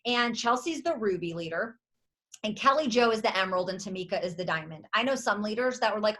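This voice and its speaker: A woman leading a motivational leadership call for her sales team, speaking with energy and emphasis and repeating her slogans, sometimes breaking into excited cheers. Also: medium pitch, fairly quick. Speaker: network marketing team leader. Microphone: video or conference call.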